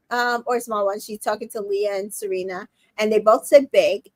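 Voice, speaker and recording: A woman with a high voice chats through a reality show recap. She quotes the cast in quick little voices, and the sound is dry and close to the mic. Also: dry recording. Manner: retells scenes quoting the cast in quick voices, many fillers. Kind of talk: casual recap chat.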